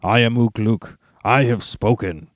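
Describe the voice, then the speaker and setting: A brutal orc captain growls his commands at full force, as a man reading the book aloud puts him on. His voice is loud and domineering. The recording is dry and close. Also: lowish voice, measured pace, no room sound, natural voice. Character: brutal commanding male Uruk-hai captain.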